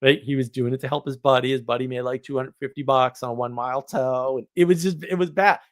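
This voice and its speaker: A man, telling a story on a live stream in an animated, indignant way. He laughs often and repeats words. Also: mid-range voice, quick pace, dry recording. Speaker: podcast host.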